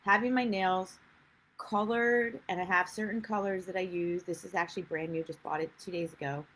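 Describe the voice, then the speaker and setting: Husky-voiced woman coaching on a livestream. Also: on the low side, steady tone, normal speed, a bit bright, poor audio. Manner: chatty, rambling, greets viewers. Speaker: life coach. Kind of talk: live-streamed coaching talk.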